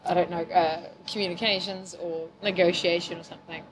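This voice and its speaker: Kiwi lady improv teacher, lowish voice, chatty and laughy, busy café noise behind. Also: little pitch movement, brisk, over a noisy crowd, poor audio. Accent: New Zealand, softened by years in England. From New Zealand. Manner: chatty, laughing, self-deprecating. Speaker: improv teacher and corporate trainer. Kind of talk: casual podcast conversation.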